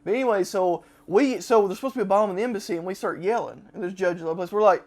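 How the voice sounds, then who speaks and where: A man, a podcast host, telling a long story casually and acting out the quotes with sudden shouts. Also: high-pitched, very fast. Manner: animated, acts out quotes with loud shouts.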